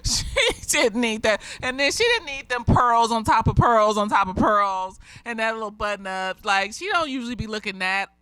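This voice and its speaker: A woman's voice: fairly high pitch, normal speed, hardly any pauses, fairly bright tone, clean tone, dry recording. A woman therapist giving a casual, candid episode review, swearing freely and laughing often. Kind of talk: casual tipsy review chat.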